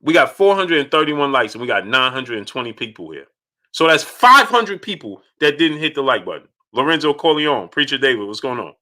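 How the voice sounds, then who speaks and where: A man's voice: medium pitch, big pitch swings, brisk, sharp tone. A man hosting a live boxing talk stream. He greets chat viewers by name and repeats his points with emphasis. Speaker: boxing channel host.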